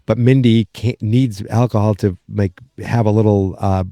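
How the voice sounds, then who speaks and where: A man with a New England accent recapping a sitcom episode on a podcast, rambling and excitable, with plenty of fillers and restarts. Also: lowish voice, moderate pace, no room sound, studio quality. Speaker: podcast host.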